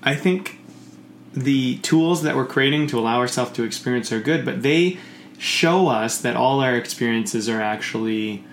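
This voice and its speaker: A man talking in casual conversation, rambling and animated, often swearing and acting out the voices he quotes. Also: medium pitch, normal speed. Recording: echoey room with faint noise.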